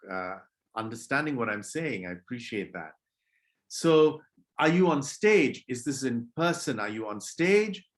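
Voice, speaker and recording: Man teaching public speaking online. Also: mid-range voice. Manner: demonstrates moods by acting out greetings; gently scolds disruptive kids. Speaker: workshop presenter. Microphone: video call.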